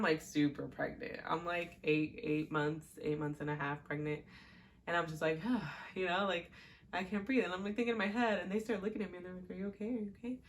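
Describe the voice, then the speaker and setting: Chatty young woman with a low voice. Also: a bit bright. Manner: chatty, many fillers and laughs. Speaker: podcast host. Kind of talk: casual personal storytelling.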